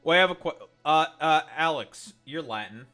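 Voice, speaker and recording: A man's voice: a little high, lively intonation, moderate pace, pushed and bright, soft background music. A man streaming in casual chat, teasing and swearing freely. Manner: crude, teasing, swears a lot.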